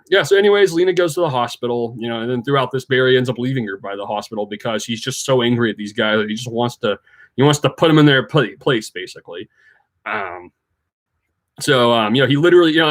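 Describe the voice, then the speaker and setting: Guy gushing about a movie, talks fast, lots of um and you know, laughs a bunch. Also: medium pitch. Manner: enthusiastic, rambling, many fillers and restarts; laughs often while talking. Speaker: film reviewer. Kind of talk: casual spoken film review.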